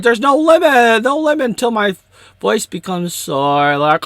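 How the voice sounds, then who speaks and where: A man rambling playfully through a solo vlog, doubling back and contradicting himself. His voice is high and bright, recorded dry and close. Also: sing-song, brisk, no echo. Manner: rambling, self-interrupting, playful. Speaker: YouTuber.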